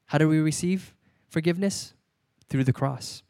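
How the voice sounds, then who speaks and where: Pastor, man in his thirties, easygoing sermon delivery with repeated key lines, slightly high voice, dry sound. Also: moderate pace, dark tone, no room sound.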